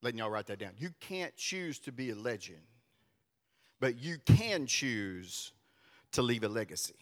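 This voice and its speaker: A man's voice: mid-range voice, very animated, unhurried. A man preaching a sermon in a church, talking conversationally and animatedly to his congregation. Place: church sanctuary. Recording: long reverb of a large hall.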